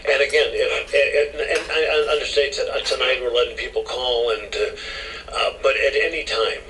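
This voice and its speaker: A man hosting a call-in radio show, rambling and halting with many restarts. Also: medium pitch, fairly even intonation, pushed and bright, faint music behind. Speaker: radio host. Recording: distant radio broadcast with faint hiss.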